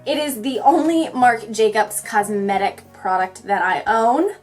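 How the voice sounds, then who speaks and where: A young woman chatting her way through a makeup tutorial, talking fast in a bubbly, goofy way. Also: on the high side, faint music behind. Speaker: beauty vlogger.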